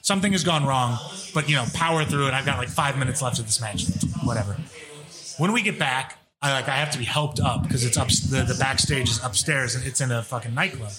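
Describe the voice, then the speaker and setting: A professional wrestler guesting on a podcast speaks briskly in a medium-pitched voice, with a crowd audible in the background. He's a laid-back storyteller, rambling through casual, profanity-laced tales.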